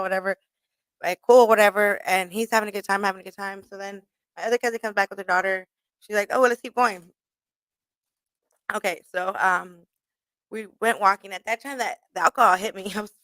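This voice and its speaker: A woman's voice: medium pitch, brisk, no echo. A young woman hosting a radio show, casually telling a story with a lot of swearing and laughter. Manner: profane, laughing, animated retelling.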